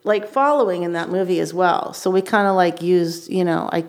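A woman's voice: lowish voice, steady tone, normal speed. A woman TV director chatting candidly as a podcast guest, talking in fits and starts with many fillers. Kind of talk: casual podcast chat.

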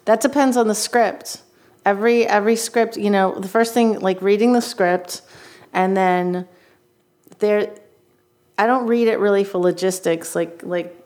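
A woman's voice: medium pitch, darkish tone. A woman TV director chatting candidly as a podcast guest, talking in fits and starts with many fillers. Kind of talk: casual podcast chat.

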